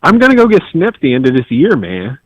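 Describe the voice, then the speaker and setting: A laid-back man in his thirties, calling in on his phone from outside. His pitch moves lively up and down as he jokes, and the sound is dry and close. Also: fairly quick, breathy edge, no echo, poor audio. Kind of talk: casual chat. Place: outdoors in a driveway.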